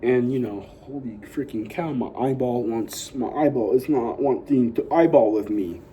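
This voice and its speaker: A young man talks straight to his viewers in a loose, rambling vlog, leaning on fillers as he hypes them up. His voice sits mid-range with a relaxed, mellow tone. A faint hiss of noise sits behind him. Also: mid-range voice, moderate pace, low-quality recording. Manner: rambling, full of "you know" and "like" fillers; upbeat hype talk to viewers. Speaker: YouTuber. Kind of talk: casual vlog chat.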